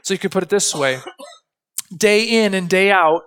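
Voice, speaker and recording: A man preaching a sermon in an earnest, measured way, slowing down to stress key phrases. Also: sits high, a bit bright, clean tone. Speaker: pastor.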